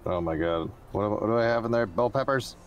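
A man's voice: on the low side, a little fast, dull audio, slight background noise. A man chatting offhand and laid-back with a friend while they play a game together. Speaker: co-player. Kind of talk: casual chat while gaming.

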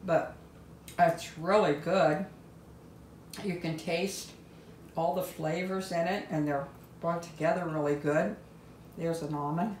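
A woman's voice: on the low side, measured pace, long pauses. An older woman hosting a home cooking video, chatting in a homey way and talking while she tastes the food. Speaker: home cooking channel host. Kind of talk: casual cooking demonstration. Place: home kitchen. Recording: echoey kitchen, faint background noise.

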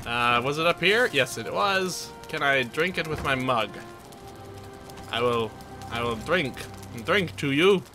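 A man's voice: mid-range voice, lively intonation, measured pace, music in the background. A man giving playful, chatty let's play commentary as he tours his game base, joking at his own expense. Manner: playful, chatty and self-mocking. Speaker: gaming channel host.

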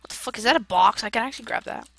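A woman hosting a let's-play video, swearing and shouting in excitable outbursts as she plays. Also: a little high, racing, creaky. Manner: loud, profane, excitable outbursts. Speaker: gaming channel host.

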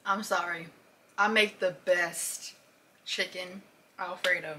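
A woman's voice: lowish voice, steady tone, slow pace, pauses often, bright, forceful tone. A young woman chatting casually to camera at home, talking to viewers like friends. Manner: chatty, calls viewers "girl" and "y'all". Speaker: vlogger. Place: home, kitchen and bedroom.

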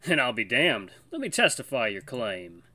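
A man doing a swaggering Southern husky. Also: medium pitch, big pitch swings, moderate pace, sharp tone, no echo, full character voice. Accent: put-on Southern US. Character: brash dark-haired male husky. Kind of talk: reading a visual novel aloud.

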